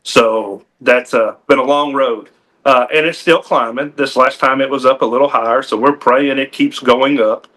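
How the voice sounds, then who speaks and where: Bright-voiced man telling his story. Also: medium pitch, normal speed. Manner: folksy and earnest, with frequent restarts and "uh". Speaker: game warden. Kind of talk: personal story in a TV interview.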